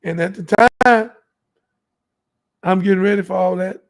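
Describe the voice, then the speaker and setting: A man from Texas, a guest telling a story in an animated, emphatic, colloquial way. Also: high voice, unhurried.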